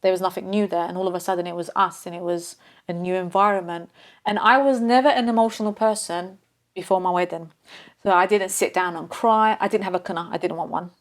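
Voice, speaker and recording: A woman's voice: on the low side, steady tone, a little fast. A woman chatting as an interview guest, talkative and self-deprecating, easily breaking into laughter. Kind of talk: casual conversation.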